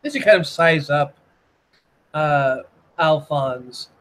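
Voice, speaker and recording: A man's voice: on the high side, animated, slow, a bit bright, low-quality recording. A man narrating as game master of a tabletop game, hesitant with many fillers.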